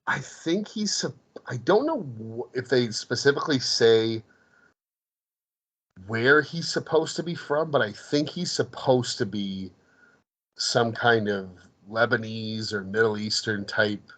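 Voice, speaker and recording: A man's voice: medium pitch, a little slow, fairly bright tone. A man co-hosting a podcast, chatting casually about a comedy film, rambling with frequent restarts. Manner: rambling with frequent restarts, laughs while recounting. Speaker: podcast co-host. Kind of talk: casual movie discussion.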